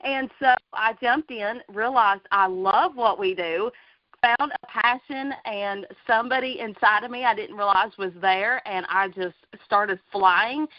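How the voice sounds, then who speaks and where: A woman's voice: mid-range voice, unhurried, no echo. Woman, 30s, earnest storyteller, dull dry call audio. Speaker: guest. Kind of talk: casual personal story.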